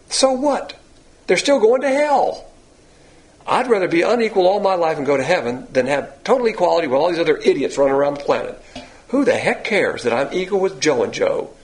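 An older man preaching a sermon in a blunt, animated, coarse-spoken way. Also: a little high, rough recording. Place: church in Texas.

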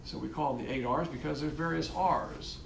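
A man's voice: a little high, fairly quick, gravelly, slight background noise. A man teaching a Bible lesson from diagrams, explaining in a blunt, emphatic way.

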